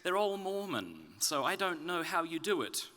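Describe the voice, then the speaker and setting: A man from Australia with a softened, slightly British-leaning Australian accent, giving a conference talk with self-deprecating jokes before turning earnest and explanatory. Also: on the high side, very animated, moderate pace, noisy background. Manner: joking, then earnest and explanatory. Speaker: speaker. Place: conference stage.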